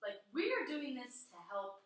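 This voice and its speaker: A woman's voice: on the high side, big pitch swings, moderate pace. A young woman student teacher thinking aloud in a casual group discussion, with hesitant fillers. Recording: very echoey room, far from the mic.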